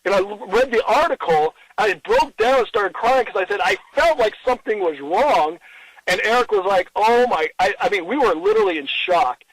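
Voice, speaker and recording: A middle-aged man in an interview, telling a personal story in an earnest, halting way, with many restarts and quoted dialogue. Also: sits high, animated, fairly bright tone, no room sound, rough recording.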